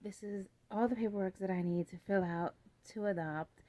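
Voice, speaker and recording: Woman vlogger, mellow voice, gushy and chatty, lots of ums, kinda hushed sometimes. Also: normal speed, poor audio. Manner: chatty and excitable, with many fillers; talks low and hushed at times. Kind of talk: casual role-play vlog.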